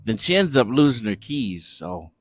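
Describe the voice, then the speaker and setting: A man's voice: medium pitch, sing-song, normal speed, husky, no echo. A young man telling a party story in a laid-back, slangy way. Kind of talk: casual storytime vlog.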